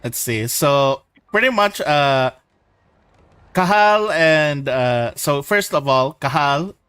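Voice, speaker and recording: A man's voice: on the high side, takes it slowly, a bit bright, clean tone, dry recording, rough recording. A man running a tabletop game as game master, describing scenes in a rambling way with many restarts. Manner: rambling, full of likes and restarts.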